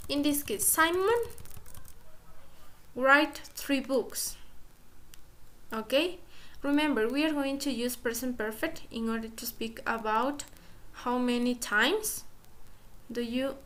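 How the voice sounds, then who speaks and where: Spanish-native woman teaching a recorded English grammar lesson, fairly high voice, very slow and deliberate, faint noise behind. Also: a bit bright. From Ecuador. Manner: slow, deliberate explaining, repeats "okay" often.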